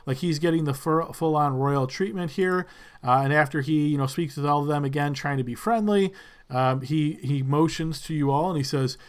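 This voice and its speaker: A man's voice: on the high side, a little fast. A man narrating a tabletop game as game master, in a casual, loose way with many fillers.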